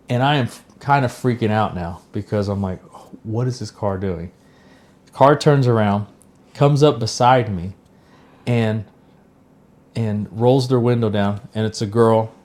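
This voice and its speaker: A middle-aged man, co-hosting a podcast, tells a rambling personal story in a relaxed conversational way. His voice sits at an ordinary middle pitch, and he slips into quoted lines as he goes. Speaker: podcast co-host. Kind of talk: casual storytelling.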